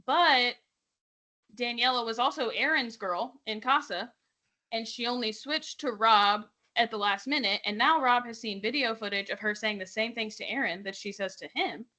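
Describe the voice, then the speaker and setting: A young woman co-hosts a pop-culture podcast, running through reality TV gossip in loose, chatty asides. She sits a touch higher than most women and sounds sharp and bright, dropping "like" everywhere and jumping into other people's voices. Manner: chatty, animated, full of "like" and quoted voices. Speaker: podcast co-host. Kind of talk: casual chat recapping reality TV.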